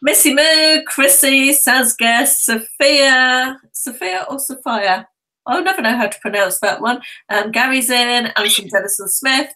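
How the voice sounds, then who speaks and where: A woman's voice: high-pitched, bright, forceful tone, poor audio. A woman co-hosting a live stream from home, friendly, reading out viewers' names in casual chat.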